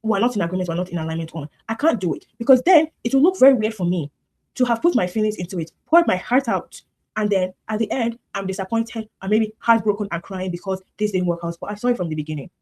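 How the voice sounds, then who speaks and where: Animated woman giving casual commentary. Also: mid-range voice, fast. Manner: animated, repetitive, gossipy.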